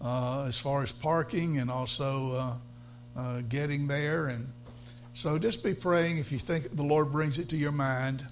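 A male pastor preaching a sermon, halting with fillers, then building to fervent emphasis. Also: mid-range voice, steady tone, slight background noise.

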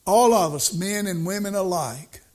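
A man's voice: high-pitched, a little slow. A male preacher giving a sermon in a folksy, storytelling way, repeating his points for emphasis.

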